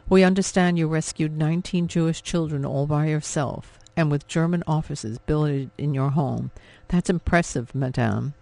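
A man narrating an audiobook, voicing a gentle, earnest man who tries to persuade. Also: on the high side, moderate pace, creaky, no room sound.

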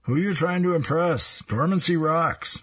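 A man doing a deadpan teenage boy. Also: a little high, normal speed, breathy edge, pitched above the performer's own voice. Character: teenage boy preaching laziness to lawn.

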